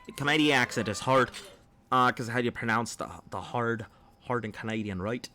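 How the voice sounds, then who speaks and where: A male game streamer chats with his viewers in a put-on Australian accent. His voice is bright and forceful. He rambles along in a playful, loose way while he plays. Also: mid-range voice, fairly quick, faint music behind. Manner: rambling, playful, talks to chat. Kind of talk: gameplay livestream chat.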